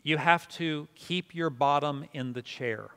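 Man, pastor, sermon, conversational, self-deprecating, slightly high voice, echoing church hall. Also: a little slow, sharp tone, clear, resonant tone. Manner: conversational, self-deprecating, leads congregation in responses. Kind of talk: sermon teaching on prayer. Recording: long reverb of a hall.

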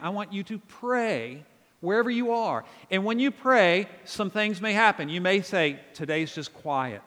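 High-voiced preaching man in a reverberant church. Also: fairly bright tone. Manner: earnest, conversational preaching with asides. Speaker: pastor. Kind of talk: sermon. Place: church sanctuary.

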